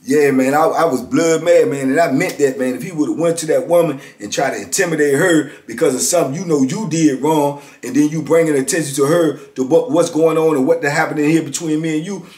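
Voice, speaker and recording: A middle-aged man telling a prison story in a casual, animated way, acting out the quotes and often asking "you know what I'm saying". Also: fairly high pitch, brisk, few pauses, roomy sound.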